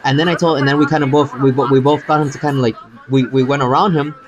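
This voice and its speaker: A man's voice: medium pitch, steady tone, fast, lo-fi sound. A man streaming live, telling a long story in a rambling, casual way, repeating words and calling the listener bro.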